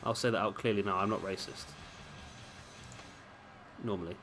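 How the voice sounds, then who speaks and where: Over soft background music, a man with a lowish, slightly bright voice and fairly even intonation talks at normal speed. He's recording rambling commentary on a wrestling game at home over a beer, full of chatty, self-deprecating remarks.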